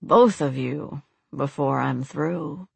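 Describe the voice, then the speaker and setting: A woman's voice: lowish voice, slow, no room sound. A woman voicing a hardened old male cult priest who speaks solemnly and gloats with cruel command. The recording is dry and close. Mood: gloating.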